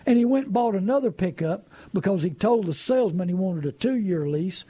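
A man's voice: high-pitched, expressive, a little fast, dark tone, husky. A man giving folksy, preachy money advice, full of rhetorical questions. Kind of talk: casual advice talk.

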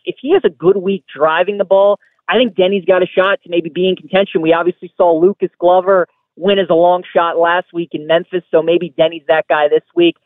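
A man's voice: high-pitched, no echo. A man calling in as a sports betting guest, talking in an upbeat, eager way. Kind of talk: casual call-in chat. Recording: tinny phone line.

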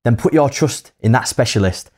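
A Hull-accented man co-hosts a podcast at normal speed, his medium-pitched, darkish voice full of lively intonation. He laughs readily in the casual chat while taking a numbered list of tips in turn.

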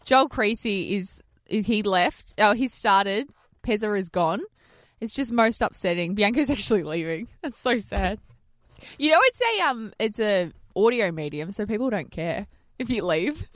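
A woman's voice: medium pitch, lively intonation, unhurried, no room sound, studio quality. A woman co-hosting a morning radio show, dramatic and sarcastic in playful banter. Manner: dramatic, mock-wounded, sarcastic. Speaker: radio host. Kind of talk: casual breakfast radio banter. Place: radio studio.

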